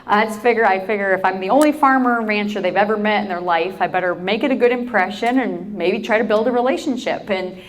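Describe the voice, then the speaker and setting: A woman's voice: medium pitch, quick pace, few pauses. A woman from South Dakota, an agriculture advocate, giving a storytelling keynote talk with playful asides to the audience.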